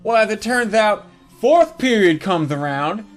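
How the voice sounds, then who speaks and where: A man's voice: sits high, animated, unhurried, soft background music. A man telling a crude comedic story from his childhood, with a mocking, punchline-driven delivery.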